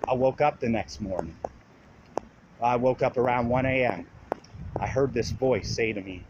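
A man telling a personal story into his phone in a casual, profane, rambling and animated way. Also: on the low side, normal speed. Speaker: vlogger. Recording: muffled phone audio with hiss.

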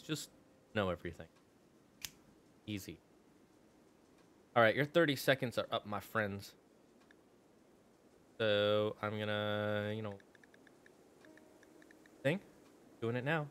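A man's voice: lowish voice, measured pace, long pauses, a bit bright. A man chatting playfully with his viewers while streaming a game. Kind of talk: casual live-stream chat while gaming.

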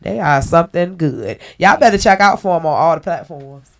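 A woman's voice: on the low side, animated, a little fast. Playful woman hosting a casual interview. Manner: playful, teasing, calls out to people in the room. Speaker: podcast host. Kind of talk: lively casual interview banter.

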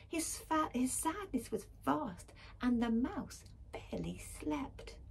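A woman reading a picture book aloud to schoolchildren, gentle and expressive, often dropping to a whisper. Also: a little high, vocal fry, slight background noise. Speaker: school librarian reading to pupils.

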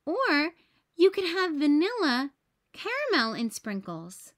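A woman voicing a cheerful young girl in a read-aloud picture book, with a bright, bouncy delivery. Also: high-pitched, wildly swooping pitch, slow, voice pushed up, full character voice. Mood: chirpy.

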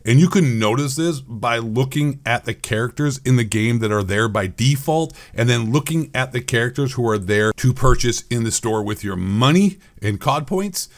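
A man ranting sarcastically as a gaming YouTuber, exasperated and swearing often. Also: medium pitch. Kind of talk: gaming commentary rant.

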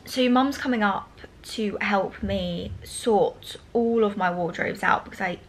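In a low-quality recording with a little hiss or hum, a young woman vlogs to camera in a chatty, gushing way, full of fillers and slightly breathless. Her mid-range voice moves a little slowly.

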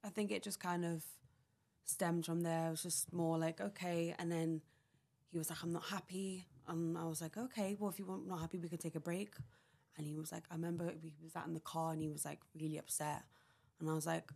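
A woman's voice: on the low side, little pitch movement, fairly quick, gravelly, darkish tone. A young woman on a podcast, telling a personal story in a rambling way, full of "like" and acted-out quotes. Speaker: podcast guest.

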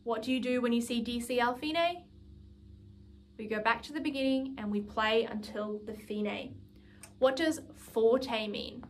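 A woman's voice: on the high side, unhurried, slight background noise. A woman music teacher giving a saxophone lesson, patiently explaining each step and counting out rhythms aloud.

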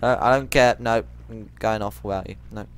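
A man giving rambling let's play commentary, jumpy and quick to shriek when startled. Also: fairly low pitch, steady tone, smooth.

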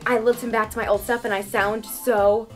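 High-pitched young woman radio host. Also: flat delivery, normal speed, soft background music. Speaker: radio morning show host. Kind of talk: casual explaining chat. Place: radio studio.

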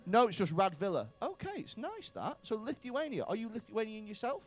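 A comedian works the crowd in a comedy club with profane banter and mock outrage. His voice sits high and swings through a wide, lively range. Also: a little fast. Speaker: stand-up comedian. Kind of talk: crowd work in a stand-up set.

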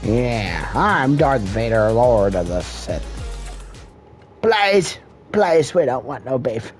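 A gamer voicing Darth Vader, a menacing dark lord, in a low, mock-menacing boasting voice. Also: sing-song, slow, faint music behind. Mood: mock menace.

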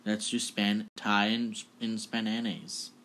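A man's voice: fairly low pitch, level tone, slow, fairly bright tone, slight background noise. A man hosting a casual video, chatty and offhand as he introduces each clip. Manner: chatty and offhand, laughing at the results. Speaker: video host. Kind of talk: casual vlog presenting.

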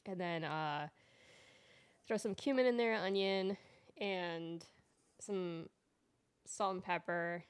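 A relaxed woman chatting on a live stream, her voice smooth and a little low. She talks through cooking steps unhurriedly, with small filler pauses. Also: no room sound. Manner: relaxed, explains recipes step by step with fillers. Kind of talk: casual chat on a live stream. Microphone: quiet desk mic on an online stream.

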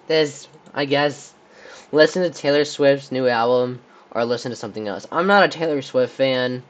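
A man's voice: mid-range voice, moderate pace, dull audio. A young man from Texas playing a would-you-rather game on his channel, thinking aloud and rambling with lots of fillers and restarts. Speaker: channel host. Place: room with a squeaky chair.

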